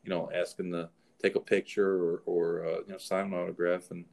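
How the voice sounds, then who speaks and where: A man's voice: sits low, level tone, a little fast, gravelly, darkish tone. A middle-aged man, a show host and horse trainer, telling rambling anecdotes in casual chat. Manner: rambling anecdotes, frequent restarts.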